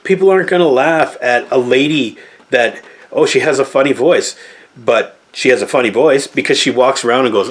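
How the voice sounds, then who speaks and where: A man talking through a casual movie review in a middle-pitched voice. He sounds blunt and exasperated and swears freely. He speaks like a host on his own channel. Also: moderate pace.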